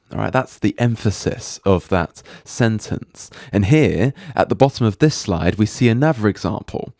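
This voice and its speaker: A man with a fairly low voice gives a recorded lecture over slides, taking his time and reading each example sentence out slowly and with care. The sound is dry and close, with no room around it. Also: animated, gravelly, a little mellow, no room sound. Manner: patient, explains slowly, reads examples aloud deliberately. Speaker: teacher.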